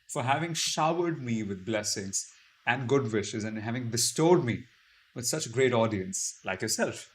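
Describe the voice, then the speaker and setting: A man hosting a casual live-stream Q&A, reading out viewer comments and answering them with chatty, self-deprecating humor. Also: medium pitch. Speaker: YouTube live stream host.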